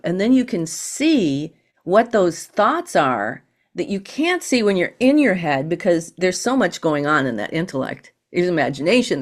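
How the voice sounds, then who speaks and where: A woman guest on a podcast, explaining in a measured, teacherly way and acting out quoted thoughts. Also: lowish voice. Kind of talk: calm explanatory conversation.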